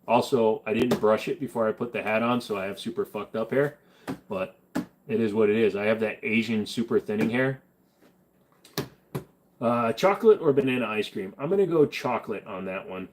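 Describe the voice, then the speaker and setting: A young man hosts a casual live stream, reading out comments and firing back bluntly, with a lot of swearing. His voice sits a little low for a man. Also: normal speed, noisy background. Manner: blunt, profane, wisecracking.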